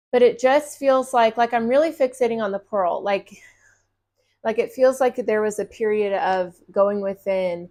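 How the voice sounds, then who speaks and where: A woman giving a collective tarot reading in a casual, reassuring, conversational way, with drawn-out pauses. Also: mid-range voice, darkish tone. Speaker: tarot reader.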